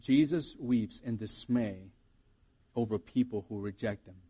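A man's voice: medium pitch, measured pace, dark tone, slightly rough. A man preaching a sermon as pastor, earnest and reflective, often restarting his sentences.

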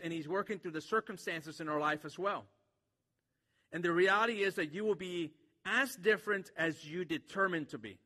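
A man's voice: high-pitched, bright, forceful tone, in a large hall. A man preaching a sermon to a church congregation in a casual, joking way, with many fillers. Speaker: pastor.

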